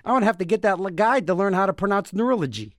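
A man with a high, bouncy voice hosts a radio show and rambles in comic asides. He is goofy and self-mocking, and he keeps repeating words in silly voices. The sound is dry and close to the mic. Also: expressive, fast talker, no room sound. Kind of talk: rambling comedic radio banter.

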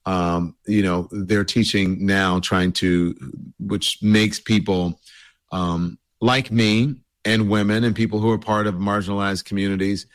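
A man's voice: fairly low pitch, fairly even intonation, measured pace, no echo. Man with a scratchy throat hosting a stream. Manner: loose and rambling, many fillers. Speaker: show host. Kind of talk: casual address to a livestream audience.

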